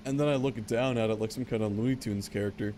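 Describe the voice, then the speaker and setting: A man's voice: on the low side, fairly even intonation, fast, dark tone, slight background noise. A man streaming a game, rambling and joking back and forth with his chat. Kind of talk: casual gameplay commentary.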